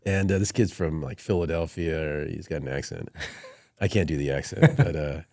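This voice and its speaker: A man's voice: rumbling low, normal speed, darkish tone, no echo, studio quality. A middle-aged man, a Marine colonel, telling stories in a podcast conversation and laughing through his anecdotes.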